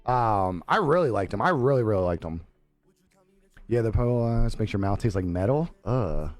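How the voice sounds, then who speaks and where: A man's voice: lowish voice, animated, normal speed, soft background music. A young man live streaming, chatting casually with viewers in a laid-back, profane way and laughing often. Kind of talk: casual chat reading viewer comments.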